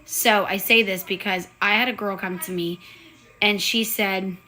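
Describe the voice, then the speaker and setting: A woman's voice: mid-range voice, fairly even intonation, a little slow, pushed and bright, rough recording. A woman, a sales director talking earnestly and chattily on a live video call. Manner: chatty, earnest, says y'all. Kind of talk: casual live-stream pitch.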